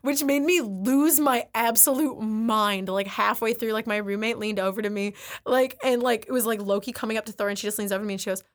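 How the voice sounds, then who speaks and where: A woman's voice: a little high, fairly even intonation, fairly quick. A young adult woman chatting casually as a podcast co-host, peppering her talk with "like" and retelling scenes with animation. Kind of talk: casual chat.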